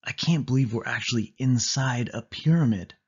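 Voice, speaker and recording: A man's voice: medium pitch, moderate pace, breathy edge. A man voicing a cautious young boy who protests anxiously in a storybook reading. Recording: dull lo-fi audio.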